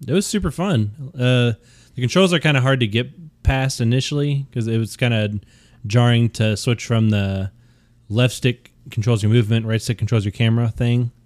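A man's voice: mid-range voice, normal speed, a little mellow, no room sound. A young man co-hosting a gaming podcast, rambling and stumbling over his words with casual swearing. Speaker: podcast co-host.

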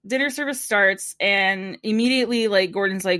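A young woman co-hosting a podcast, casually recapping a TV episode in an animated, chatty way and acting out the people in it. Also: mid-range voice, normal speed, no echo, studio quality. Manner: chatty, animated retelling with quoted impressions and frequent laughter. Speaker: podcast co-host.

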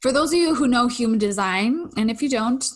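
A woman's voice: a little high, expressive, brisk. A woman hosting a casual solo podcast. She talks candidly and effusively, swears casually, sighs and laughs between thoughts, and often trails off and restarts. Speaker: podcast host.

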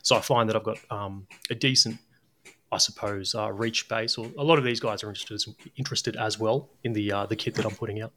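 A man with an Australian accent, a guest on a casual interview, talking in a measured, hedging way. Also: on the low side, fairly even intonation, a bit bright, slight background noise. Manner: measured, hedging, says "mate". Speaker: guest, former army sniper.

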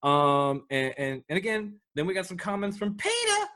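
A man's voice: high-pitched, normal speed. A man co-hosting a casual wrestling chat stream, reading out viewer comments and joking with friends. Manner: animated, reads viewer comments. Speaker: podcast co-host. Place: home, live stream call.

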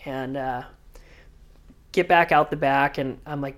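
A man's voice: mid-range voice, measured pace. A man, a professional surfer, telling a story in a casual podcast interview and acting out what others said. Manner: animated, vivid storyteller who acts out others' lines.

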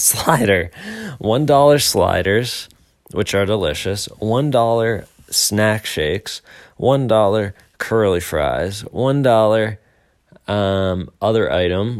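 Young guy doing a solo morning show, kinda low voice, rambly and upbeat, pokes fun at himself. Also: slow. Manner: rambling, upbeat, self-deprecating asides. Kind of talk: casual solo podcast talk.

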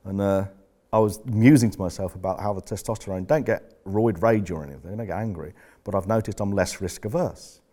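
A man's voice: on the low side, fairly quick, dark tone. An older man chatting as a podcast host, telling rambling, jokey stories with plenty of swearing. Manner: rambling, profane, jokey storyteller. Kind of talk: casual chat.

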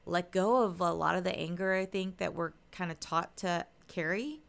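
Smooth-voiced woman telling a story on a podcast. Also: fairly low pitch, moderate pace. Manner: animated storyteller, acts out quotes. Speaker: podcast co-host, medium. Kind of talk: casual spiritual podcast chat.

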